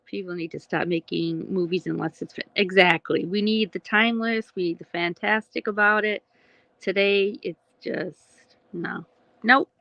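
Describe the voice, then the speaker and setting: A woman's voice: mid-range voice, steady tone, moderate pace, creaky, fairly bright tone, no echo. A woman in her forties, hosting a casual live stream chat with viewers, rambling and laughing often. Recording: dull lo-fi dry sound.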